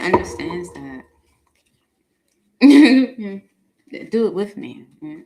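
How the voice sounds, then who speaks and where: A woman tarot reader chats with viewers on a live stream. She talks slowly and laughs often, her voice swooping up into high bursts. Between readings she reads their questions aloud. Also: big pitch swings, warm tone, rough recording. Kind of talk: casual live-stream chat.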